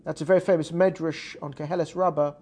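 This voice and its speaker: A man's voice: on the high side, steady tone, fast, a little mellow. A man teaching a Torah class in an explanatory classroom style, checking in with his students as he goes. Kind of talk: classroom lecture.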